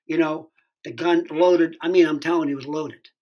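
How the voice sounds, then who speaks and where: A man, a stand-up comedian guesting on a podcast, telling an animated, profane anecdote and acting out the people in it. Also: on the high side, moderate pace. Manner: profane, acts out the dialogue in his story.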